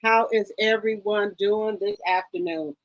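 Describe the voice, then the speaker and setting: A woman hosting a casual live stream who greets viewers by name with repeated hellos and chats in a gossipy, excitable way. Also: mid-range voice, unhurried, rough recording. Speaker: live-stream commentary host.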